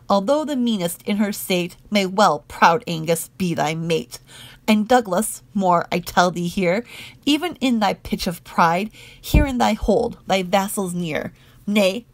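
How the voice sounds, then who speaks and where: A woman's voice: mid-range voice, gravelly, dry recording. Marmion, a woman voicing a defiant proud knight. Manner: indignant, declaiming.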